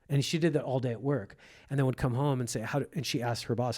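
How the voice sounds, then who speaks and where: A man's voice: medium pitch, fairly even intonation, fast, few pauses, darkish tone, dry recording. A man from Egypt, a comedian guest, telling vivid stories from his childhood and acting out the people in them. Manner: vivid storyteller, acts out quoted voices. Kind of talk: storytelling in conversation.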